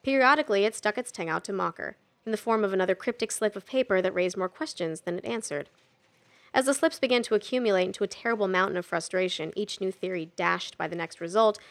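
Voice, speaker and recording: A woman reads a novel aloud in steady, even narration. Her voice carries a gravelly rasp at the bottom of its tone, at a middle pitch for a woman. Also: fast. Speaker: audiobook narrator. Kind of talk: scripted narration.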